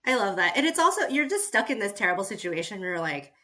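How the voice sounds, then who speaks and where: A woman hosting a podcast, talking in an animated, emphatic way. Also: mid-range voice, fast. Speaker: podcast host. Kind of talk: casual conversation.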